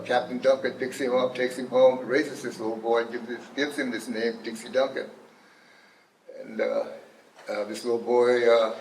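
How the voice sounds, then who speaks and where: A tribal elder in his seventies from Northern California giving a plain-spoken, unhurried personal testimony with many pauses and fillers. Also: medium pitch, roomy sound, a little hiss or hum, rough recording. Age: 70s.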